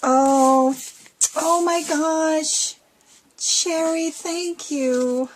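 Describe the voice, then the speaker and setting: A woman's voice: high voice, steady tone, extremely slow, a little hiss or hum. A woman chatting casually as she unboxes a craft swap, gushing with frequent exclamations. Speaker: crafting vlogger.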